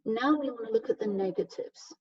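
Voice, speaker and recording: Patient woman English teacher, slows down for example sentences; dull, far-off mic in a dry room. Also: a little high, a little mellow, no room sound. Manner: patient, explains step by step, often checks with "okay?"; reads example sentences slowly and clearly. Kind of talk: grammar lesson for learners.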